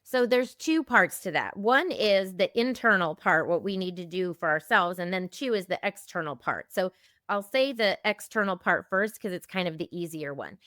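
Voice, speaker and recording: A woman in her fifties, an eating disorder specialist, explaining gently in a casual podcast conversation and acting out little example dialogues. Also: lowish voice, lively intonation, normal speed, no room sound, studio quality. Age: 50s.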